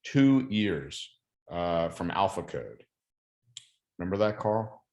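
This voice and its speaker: A man's voice: low-pitched, big pitch swings, takes it slowly, a little mellow, echoey room. A man with a Long Island New York accent hosting a partner video call in a friendly, chatty way, with frequent ums and uhs. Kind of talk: casual video call chat.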